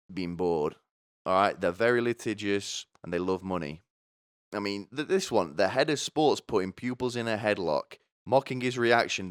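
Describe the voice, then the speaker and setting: Sarcastic man, low smooth voice. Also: no room sound, studio quality. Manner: sarcastic, swearing, rambling with restarts. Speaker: commentator. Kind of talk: casual comedic commentary.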